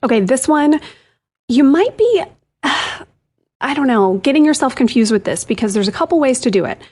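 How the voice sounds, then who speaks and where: A woman's voice: high voice, big pitch swings, moderate pace, a little mellow, breathy edge. A woman co-hosting a tech show, chatting animatedly and giggling often. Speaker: co-host. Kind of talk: casual chat.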